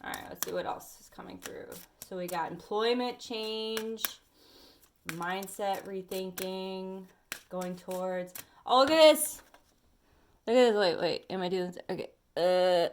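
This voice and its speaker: A woman at home giving a casual tarot reading to her viewers, chatty and animated, talking straight to the listener. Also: mid-range voice, measured pace, noisy background. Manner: sings snatches of songs and talks to bugs. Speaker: tarot reader. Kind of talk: casual weekly energy reading.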